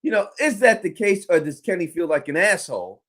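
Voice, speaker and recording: A man co-hosts a TV episode breakdown with a slightly high, very lively voice. His pitch swings widely as he argues his points and stops to thank viewers. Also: a little fast. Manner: animated, thanks viewers by name. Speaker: podcast co-host. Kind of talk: TV episode recap discussion.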